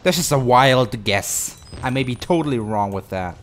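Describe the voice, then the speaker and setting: A man commentating a horror game as he plays it, excitable and profane, talking to himself and to the game. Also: medium pitch, normal speed, a little hiss or hum. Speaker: gameplay commentator.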